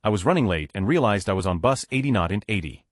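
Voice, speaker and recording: A low-voiced man narrates Reddit stories at a fast clip. His pitch moves a lot as he reads, and the recording is dry and close. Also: expressive, dry recording. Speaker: story narrator. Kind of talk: reading Reddit stories aloud.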